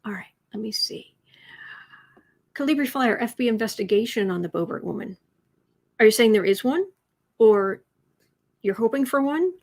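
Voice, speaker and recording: She speaks at a moderate pace in a fairly high, expressive voice, pausing often. Hosting an astrology and tarot livestream, she chats, reads comments from viewers, and now and then drops to a whisper or coos at her pet.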